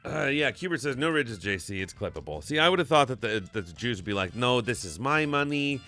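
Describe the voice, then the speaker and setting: A man hosting a live stream, chatting in an upbeat, easygoing way. His voice is bright and cutting, and it rises and falls a lot as he talks. Faint music plays behind him. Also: mid-range voice, big pitch swings, fast talker. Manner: upbeat, reads viewer chat aloud. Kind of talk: casual live-stream chat.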